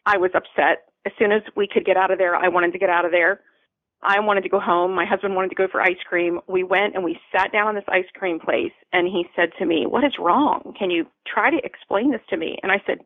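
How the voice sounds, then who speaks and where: A woman's voice: on the low side, dry recording. Earnest woman storyteller on a phone-like line. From Florida, USA. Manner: earnest, repeats phrases for emphasis. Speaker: podcast guest. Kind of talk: emotional personal storytelling.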